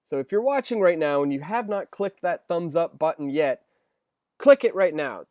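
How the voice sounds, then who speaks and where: A man's voice: a little high, lively intonation, moderate pace, a little mellow, no echo, studio quality. A young man hosting a casual live stream, reading viewer questions aloud and rambling through answers with lots of fillers and restarts. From Canada.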